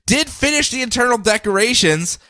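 A man's voice: very high-pitched, expressive, brisk, pushed and bright, dry recording, clean studio sound. A man co-hosting a podcast, recapping a comic in a playful, chatty storytelling manner. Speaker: podcast co-host. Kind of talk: casual comic book recap.

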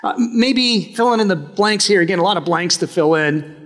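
A male pastor giving a sermon in a relaxed, joking way, often restarting his phrases. His voice sits high for a man. The church adds a long, trailing reverb. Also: normal speed. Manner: conversational and humorous, with frequent restarts. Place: church sanctuary.

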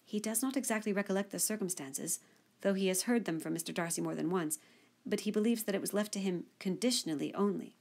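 A woman reading the lines of a gentle, sweet-tempered young woman who speaks earnestly in an audiobook. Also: mid-range voice, quick pace, gravelly.

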